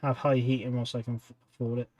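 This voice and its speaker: A man's voice: medium pitch, fast, no room sound, muffled recording. A man hosting a hobby livestream, chatting casually and rambling between tasks while he paints miniatures at home. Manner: relaxed rambling, talks to chat viewers between tasks.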